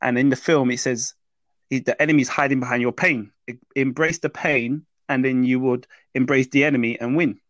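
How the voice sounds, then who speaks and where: A man's voice: mid-range voice, steady tone, fairly quick, a bit bright, dry recording, lo-fi sound. A man teaching about the inner voice in an interview, explaining patiently and often checking in with "yeah?". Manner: explanatory, checks in with "yeah?" and "does that make sense?". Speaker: mindset teacher.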